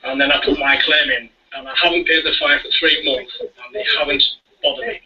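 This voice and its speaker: A man's voice: a little high, fairly even intonation, a little fast. A man telling his story in casual chat, rambling, repeating words and chuckling now and then. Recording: dull distant radio audio.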